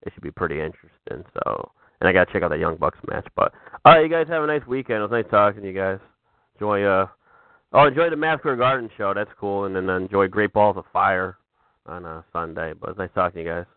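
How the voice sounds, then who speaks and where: A man joins a podcast as a guest and talks in a laid-back way, full of "uh" and "um". His voice sits somewhat low. The recording is dry and thin, like a phone line. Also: animated, fast talker, dry recording. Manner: laid-back, filler-heavy. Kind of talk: casual chat.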